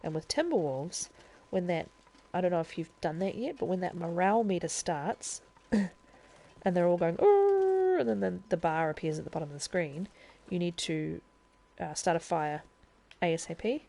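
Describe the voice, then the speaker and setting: Chatty woman streamer with a low, mellow voice. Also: normal speed, gravelly. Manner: chatty and explanatory, thinking aloud as she plays. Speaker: game streamer. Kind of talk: casual live-stream gameplay tutorial.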